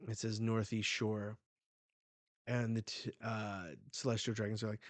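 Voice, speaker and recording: A man hosting a casual manga reaction, excitable and a little foul-mouthed as he narrates the panels. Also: fairly low pitch, takes it slowly, pauses often, no room sound. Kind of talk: casual live reading reaction.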